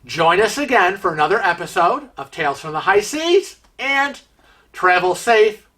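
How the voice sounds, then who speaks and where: Bright-voiced man ranting exasperatedly. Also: high-pitched, big pitch swings, normal speed. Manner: frequent fillers and restarts. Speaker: cruise vlog host. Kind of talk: storytelling monologue.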